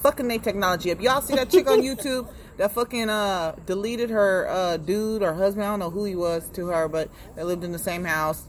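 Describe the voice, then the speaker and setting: Woman, podcast co-host, loud profane storyteller who mimics people. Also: medium pitch, fairly quick, few pauses, slight background noise. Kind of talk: casual chat.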